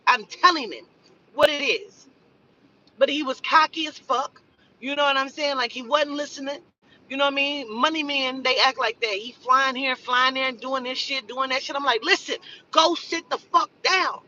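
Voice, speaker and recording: A woman in her forties, a spiritual advisor, telling a story in casual, profane, animated talk and acting out the voices of others. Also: high voice, normal speed, recorded from a distance, muffled recording.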